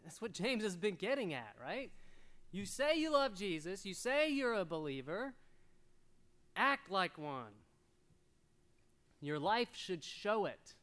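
A middle-aged man preaching a sermon, animated and storytelling, acting out little voices as he goes. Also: high-pitched, slow pace, pauses often. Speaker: pastor.

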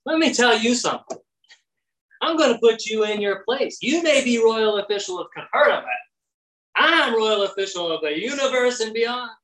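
Guy doing a huffy ruler telling someone off, higher and louder, mock-boastful. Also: lively intonation, moderate pace, echoey room, low-quality recording. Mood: indignant. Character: indignant male ruler scolding an underling.

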